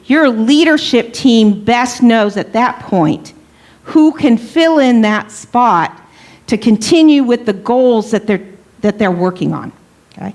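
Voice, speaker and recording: Workshop presenter, middle-aged woman, fairly high voice, chatty teaching style, keeps asking the room questions. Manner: conversational, checks in with "okay?" and questions to the audience. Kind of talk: church leadership workshop talk.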